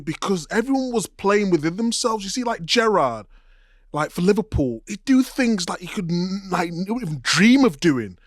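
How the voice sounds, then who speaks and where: A man co-hosting a casual chat, emphatic and animated, laughing a lot. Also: high voice, normal speed, dry recording, clean studio sound. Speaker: podcast co-host.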